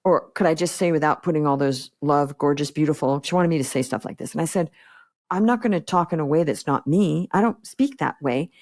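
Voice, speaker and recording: A woman's voice: low voice, brisk, a little mellow. A woman business coach speaking bluntly and directly as a podcast guest, acting out the exchanges she quotes. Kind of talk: podcast interview conversation.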